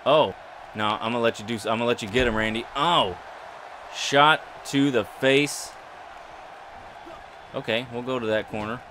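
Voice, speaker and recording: A man's voice: mid-range voice, normal speed, long pauses, background noise. A man hosting a let's play, commentating in a playful mock play-by-play style. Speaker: gaming channel host.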